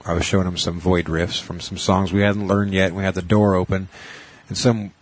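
A man's voice: low voice, flat delivery, moderate pace, no echo. A man hosting a casual podcast chat, rambling through a story and swearing freely. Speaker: podcast host.

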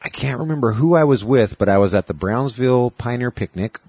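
In a relaxed podcast conversation, a man in his forties who hosts the show spins a lengthy personal story, raising his voice to quote others. He speaks briskly with lively intonation, and his medium-pitched voice is husky and a little mellow, with no room sound.

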